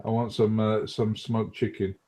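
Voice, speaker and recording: A man's voice: on the low side, level tone, normal speed, noisy background. A man chatting on a stream after a sleepless night and some drinks, laid-back and joking. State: tired and tipsy. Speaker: guest on the stream. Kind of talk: casual chat.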